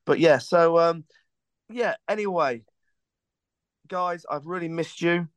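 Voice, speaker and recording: A man's voice: on the high side, a little slow, dry recording. A man hosting a podcast, chatting casually and joking in a rambling, friendly way. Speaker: podcast host.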